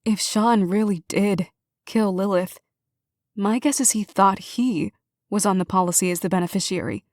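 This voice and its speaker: Grieving aunt figure, soft and quavering, dry close read; a woman narrator does the part. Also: mid-range voice, moderate pace, no room sound, lightly acted. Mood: measured, sorrowful. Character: grieving middle-aged woman, sister's guardian. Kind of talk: audiobook character reading.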